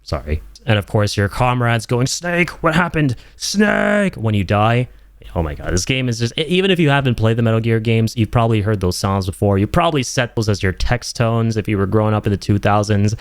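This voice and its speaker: A man's voice: lowish voice, quick pace, clean tone, no echo, clean studio sound. A young man giving an enthusiastic, emphatic video game review in casual, slangy talk.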